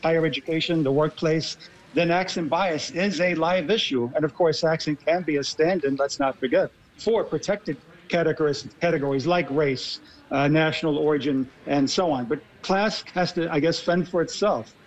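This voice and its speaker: A man's voice: a little high, moderate pace, low-quality recording. A man with an American accent, a guest on a radio interview, explaining his points at length. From Los Angeles, USA. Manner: explanatory, builds arguments. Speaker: guest linguist.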